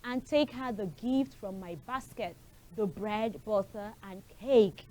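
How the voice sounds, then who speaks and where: A woman's voice: medium pitch, takes it slowly, a little mellow, natural voice, rough recording. A woman voicing a polite little girl who speaks in old-fashioned, well-mannered phrases. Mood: cheerful.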